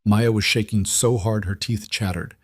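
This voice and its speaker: A man narrating a crime story in a measured, tense scripted read. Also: lowish voice, fairly even intonation, no room sound, clean studio sound.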